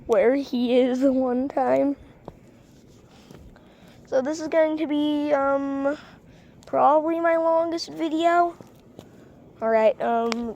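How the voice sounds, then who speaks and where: A woman's voice: sits high, creaky, a little mellow, a little hiss or hum. A woman vlogging casually outdoors on a street into a phone, rambling and hesitant with many ums. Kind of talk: casual vlog.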